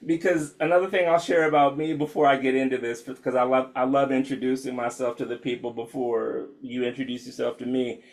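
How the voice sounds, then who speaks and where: A man's voice: mid-range voice, flat delivery, brisk, few pauses. A young adult man from the United States leading an online meditation session, frank and profane, laughing often and calling listeners y'all. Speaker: meditation teacher. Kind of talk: casual talk opening an online meditation session.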